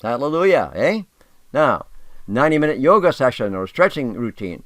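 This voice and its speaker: A man's voice: mid-range voice, very animated, a little fast, fairly bright tone, no echo. An older man, talking casually and emphatically as host, reading aloud with asides. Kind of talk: casual monologue.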